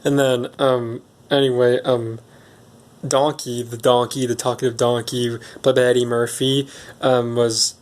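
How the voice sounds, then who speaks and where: A man casually recapping a film's plot in a rambling, hesitant way, full of restarts and pauses. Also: medium pitch, little pitch movement. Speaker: movie reviewer.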